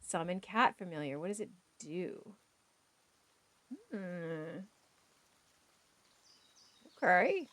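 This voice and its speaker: A woman's voice: fairly low pitch, drawn-out words, pauses often, no room sound. Chatty middle-aged woman streaming a game. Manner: chatty, excitable, swears freely. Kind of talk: casual game-streaming commentary.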